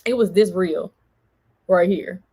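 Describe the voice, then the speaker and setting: A woman vlogger, venting in an animated storytime and quoting others as she goes. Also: fairly low pitch, takes it slowly, slightly rough. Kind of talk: casual storytime vlog.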